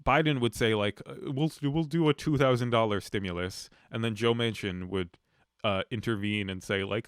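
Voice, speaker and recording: A man's voice: lowish voice, normal speed, clear, resonant tone, dry recording, clean studio sound. A young man co-hosting a casual podcast, joking and swearing as he riffs, putting on mocking voices. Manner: jokey, profane, does mocking voices of politicians. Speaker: podcast co-host. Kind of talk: casual banter.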